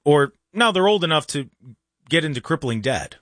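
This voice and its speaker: A man on a talk show rants with lots of energy, and his voice swings up and down all the time. He often trips over his words and restarts. The recording is close and dry, with slightly raised pitch. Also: moderate pace, no room sound. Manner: animated ranting, frequent restarts and repeated words. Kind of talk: casual opinionated chat.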